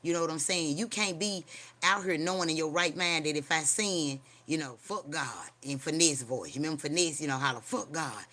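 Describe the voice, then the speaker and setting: A little fast, with a pushed, bright quality to the mid-range voice, the host livestreams casually from home. The rambling, slangy, profane talk combines a spooky personal anecdote with street preaching and keeps returning to "you hear me?"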